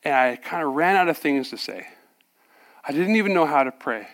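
A man preaching a sermon, telling his own story with lively acted-out dialogue and frequent laughter. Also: on the high side, fairly quick. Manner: animated storyteller, acts out dialogue, laughs often. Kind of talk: sermon testimony.

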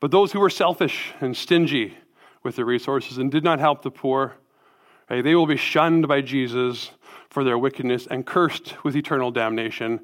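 A man's voice: medium pitch, moderate pace. Man, pastor, sermon, emphatic, rhetorical, mid-range voice. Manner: emphatic, rhetorical questions with frequent "right?".

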